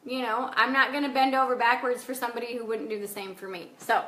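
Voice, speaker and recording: Woman, life coach, blunt and emphatic, live-stream chat, bright tense voice. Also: on the high side, fast, reverberant. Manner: blunt and emphatic, swears casually. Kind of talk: casual live-stream chat, reading comments.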